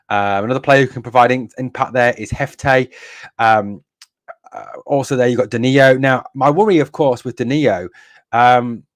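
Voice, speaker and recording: A man from northeast England hosts a fan live stream in a mid-pitched voice. He rants bluntly and with exasperation, swearing and circling back over the same points, and reads viewer comments aloud. The sound is dry and close. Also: no room sound. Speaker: fan channel host.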